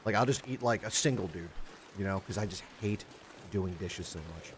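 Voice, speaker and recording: A man's voice: lowish voice, normal speed, noisy background. A young man streaming a survival game, chatting casually with his viewers, rambling and swearing a lot and greeting chatters by name. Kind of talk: casual gaming livestream chat.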